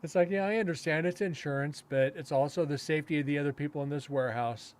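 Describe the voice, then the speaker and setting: Casual male podcast host, slightly high-pitched, loose rambling storyteller who acts out quotes. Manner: rambling, with frequent fillers and self-restarts, chuckling; acts out other people's lines in quick quotes. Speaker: paranormal investigator and podcast host.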